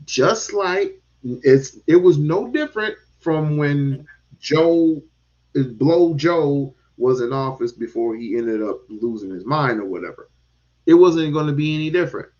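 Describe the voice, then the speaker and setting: A man talking politics in a casual chat, animated and given to repeating words and casual swearing. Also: a little high, slow. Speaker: podcast host. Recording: dull lo-fi sound.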